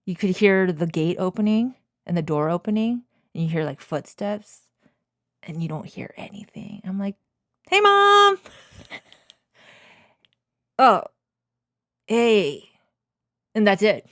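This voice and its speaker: A young woman co-hosting a podcast in casual chat, animated and acting out quoted lines in a raised voice. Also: fairly low pitch, moderate pace, dry recording, studio quality. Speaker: podcast co-host.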